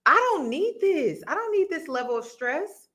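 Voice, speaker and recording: A woman hosts a reaction video, reacting with exasperated commentary. Her voice is high and bright, and her pitch swings widely as she speaks. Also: sing-song, moderate pace.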